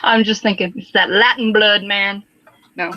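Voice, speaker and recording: A woman's voice: mid-range voice, steady tone, normal speed. A woman joining a casual podcast chat with giggly, exclaimed short reactions. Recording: dull lo-fi sound.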